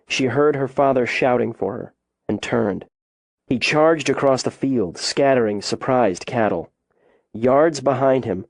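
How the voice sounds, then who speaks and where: A man narrating a suspense novel as an audiobook, in a measured, unhurried storytelling manner. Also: mid-range voice, darkish tone, no room sound, studio quality.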